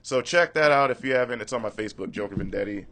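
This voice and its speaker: A man's voice: medium pitch, fast talker, fairly bright tone. A man hosting a casual radio talk show, telling a story in a laid-back way.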